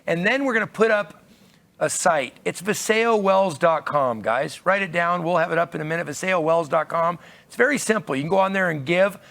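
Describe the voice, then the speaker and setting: An enthusiastic man emcees from a convention stage, his voice a little high and gravelly. He piles up phrases, restarts and repeats words as he rallies the audience. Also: fairly bright tone.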